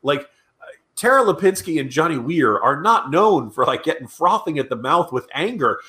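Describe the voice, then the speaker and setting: Man, podcast co-host, sarcastic rant, lively pitch swings, slightly high voice. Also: moderate pace. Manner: sarcastic, animated ranting. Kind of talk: casual political chat.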